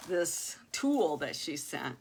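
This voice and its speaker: A woman's voice: sits low, very animated, slow pace, slight background noise. An older woman hosting a casual crafting livestream, chatting straight to her viewers, exclaiming and laughing often as she works.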